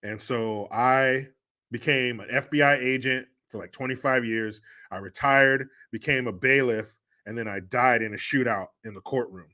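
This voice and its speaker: A man's voice: medium pitch, moderate pace, bright, forceful tone. A man hosting a livestream, telling family stories in a joking, crude way and laughing often. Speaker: host. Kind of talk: casual livestream talk.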